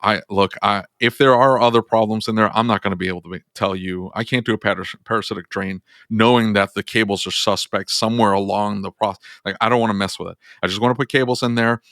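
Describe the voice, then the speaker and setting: Low-voiced man telling a shop story. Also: quick pace, hardly any pauses, dry recording, studio quality. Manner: animated, acts out both sides of phone calls. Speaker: auto repair shop owner. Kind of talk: podcast storytelling.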